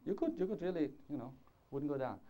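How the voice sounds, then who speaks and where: A man's voice: a little high, lively intonation, fast talker. A man giving a live conference lecture on orthodontics, talking in a discursive way, demonstrating with gestures and checking in with the audience. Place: lecture hall before an audience. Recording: dull lo-fi 1990s conference tape.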